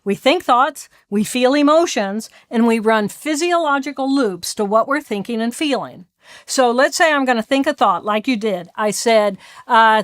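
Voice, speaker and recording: High-pitched woman guest, expressive and emphatic, close dry mic. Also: normal speed, dry recording. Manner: emphatic, expressive, often softens to a hushed voice. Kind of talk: podcast interview conversation.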